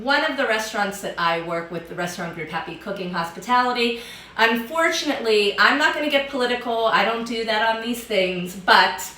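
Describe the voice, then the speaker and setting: A woman's voice: on the high side, sharp tone, roomy sound. A woman hosting a casual home cocktail how-to, chatty and upbeat as she talks straight to viewers from her home bar. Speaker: home bartender host.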